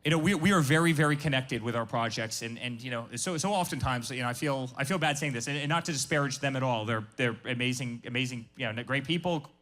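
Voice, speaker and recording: A man's voice: mid-range voice, fast, few pauses, fairly bright tone. A man speaking as a guest business founder at a live workshop, emphatic and passionate, often repeating his words.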